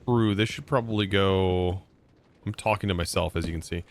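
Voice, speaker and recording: A man with a low voice livestreams a game at normal speed, with slight background noise. He chats casually with his viewers and narrates each move as live gameplay commentary.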